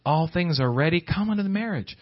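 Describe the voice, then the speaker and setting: A man preaching a sermon, swinging between high pleading exclamations and low hushed asides. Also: expressive, brisk. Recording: dull lo-fi recording.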